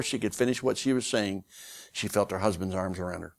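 Man, preacher, sermon storytelling, folksy, animated, many fillers. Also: on the low side, quick pace, vocal fry. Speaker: guest preacher.

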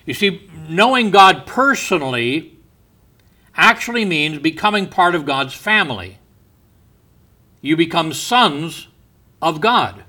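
Male pastor, sermon delivery, slightly high voice, unhurried, hushed on quotes. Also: animated. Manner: slow, deliberate delivery, dropping soft on quoted words. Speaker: preacher.

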